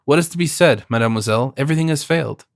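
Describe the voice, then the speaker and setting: A man's voice: mid-range voice, very fast, gravelly, no echo, natural voice. A man reading the part of a young king, subdued and sorrowful, in a dry audiobook recording. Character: young king, sad, dejected, torn lover.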